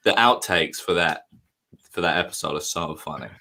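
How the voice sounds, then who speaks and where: Deep-voiced man, rambling chat. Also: normal speed, pushed and bright. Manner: rambling, lots of "like". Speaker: comedian and stream co-host. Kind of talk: casual chat.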